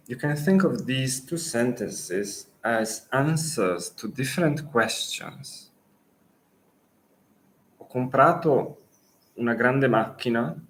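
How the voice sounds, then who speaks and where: A man with an Italian accent, a native Italian speaker coaching Italian in a live Q&A lesson, pausing thoughtfully and restarting phrases. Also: mid-range voice, a little hiss or hum, poor audio.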